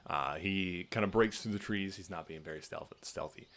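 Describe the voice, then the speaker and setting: Game master: a man with a lowish voice, laid-back, unhurried narration full of fillers. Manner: relaxed, unhurried, many uh fillers.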